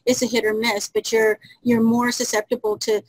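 A woman's voice: fairly high pitch, level tone, moderate pace, breathy edge, no echo, poor audio. A woman on a webinar panel, earnestly explaining meeting customs. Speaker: panelist on Native American etiquette.

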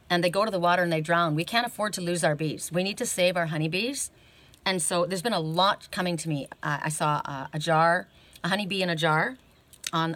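A woman's voice: fairly low pitch, fairly bright tone. Rambling woman giving an oracle card reading. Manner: rambling, searching aloud, often tags "right?". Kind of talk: casual tarot-style card reading.

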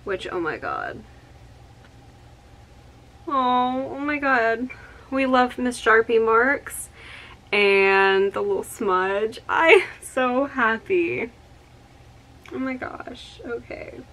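A woman in her early twenties chatting through an excited unboxing vlog, gushing with many exclamations. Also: a little high, takes it slowly, long pauses. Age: 20s. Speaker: vlogger. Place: home room with outdoor yard noise.

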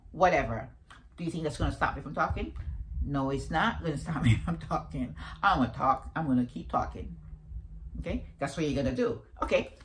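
A woman in her fifties with a deep voice, giving a preachy, animated motivational talk grounded in faith and repeating affirmations. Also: a little hiss or hum, rough recording. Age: 50s. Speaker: motivational vlogger.

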